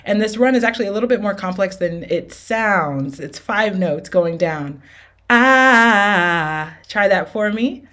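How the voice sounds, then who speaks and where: A woman's voice: mid-range voice, moderate pace, hardly any pauses. A woman teaching an R&B singing lesson with demonstrations, upbeat and encouraging, often checking in with her students. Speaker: vocal coach.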